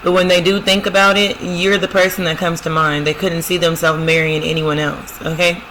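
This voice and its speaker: Woman host of spiritual love readings, bright and forceful, chatty and repetitive, speaks directly to viewers. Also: lowish voice, flat delivery, normal speed, slight background noise, rough recording. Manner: talks straight to viewers, repeating "y'all" and "I'm telling you"; reads song lyrics aloud, then interprets them. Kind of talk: casual prophetic love reading.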